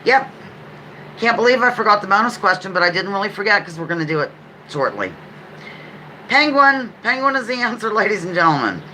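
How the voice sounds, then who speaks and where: A woman hosts a relaxed live-stream quiz, chatting between questions and tossing off playful asides as she reads the clues aloud. Her voice is bright and forward, with faint noise in the background. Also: medium pitch, brisk, rough recording. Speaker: livestream trivia host.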